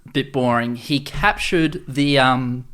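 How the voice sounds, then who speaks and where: A man's voice: mid-range voice, a little slow, a bit bright, clean tone. A young man co-hosting a casual film review podcast, joking and laughing often. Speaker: podcast co-host.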